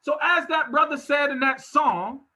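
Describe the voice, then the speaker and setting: A man giving a motivational talk over a video call from his home office, speaking in an emphatic, preacherly style that swells into shouts. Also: very high voice, a little slow, rough recording. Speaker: guest speaker.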